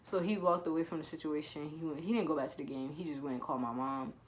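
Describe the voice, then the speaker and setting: Low-voiced teen girl telling a story. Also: fast talker, far from the mic, a little hiss or hum. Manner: animated, laughing, swearing, acting out quotes. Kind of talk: casual storytime. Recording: echoey room with faint ambience.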